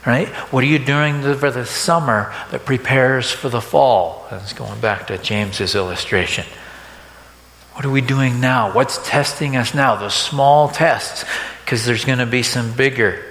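A male pastor preaches in a plain, conversational way. He keeps turning to the congregation with quick rhetorical questions. His voice sits at an ordinary middle pitch and rings through a large hall with a long reverb. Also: a bit bright. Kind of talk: sermon.

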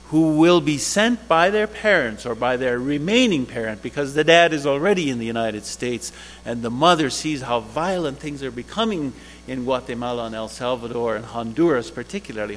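A man's voice: medium pitch, fairly bright tone, a little hiss or hum. A man giving a storytelling talk, recounting conversations he had. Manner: retells conversations in dialogue. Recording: long reverb of a large hall.

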